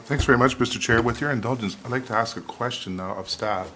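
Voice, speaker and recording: A man's voice: mid-range voice, quick pace, fairly bright tone, slight background noise. A man, a councillor, politely asking staff for an update during a council meeting, with frequent fillers. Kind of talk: council debate.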